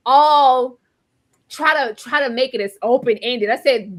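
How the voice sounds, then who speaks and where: A woman hosting a TV recap chat, talking in an animated, emphatic way with bursts of exasperated exclamation. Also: sits high, measured pace. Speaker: TV recap podcast host. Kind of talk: casual chat.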